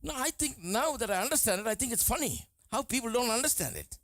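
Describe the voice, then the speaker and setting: A male preacher giving a sermon, animated and often laughing as he acts out what people say. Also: very high-pitched, fast talker, dry recording. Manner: animated, laughing, mimics voices in quotes.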